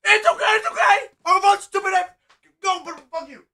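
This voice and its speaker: Male game streamer, high bright voice, theatrical mock-whining rants at chat. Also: fairly quick. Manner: melodramatic, mock-whining outbursts. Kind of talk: live gameplay stream chat.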